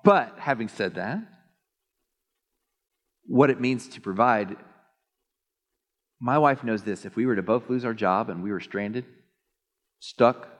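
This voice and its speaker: A male pastor preaching a sermon in an animated, joking way, often mimicking others in a high voice. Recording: long hall reverb.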